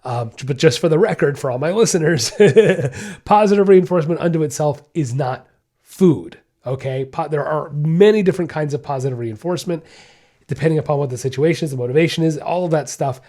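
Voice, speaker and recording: Emphatic man, mellow voice, podcast trainer. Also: on the high side, a little fast. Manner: emphatic, repeats key points, asks "you see what I'm saying?"; acts out the dog's thoughts in quoted asides. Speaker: dog trainer and podcast host. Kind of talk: casual explanatory podcast talk.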